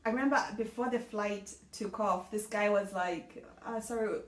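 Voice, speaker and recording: A woman's voice: medium pitch, normal speed. A young woman casually telling a travel story on a chat podcast, laughing often and filling her speech with "like". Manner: laughing, animated, lots of "like". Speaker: podcast co-host. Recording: echoey room, mic at a distance.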